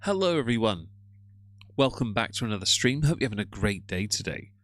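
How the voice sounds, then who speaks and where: A man's voice: lowish voice, big pitch swings, fairly quick, dry recording. A man hosting a live stream in a casual, chatty way. He greets viewers by name between sarcastic, mocking asides.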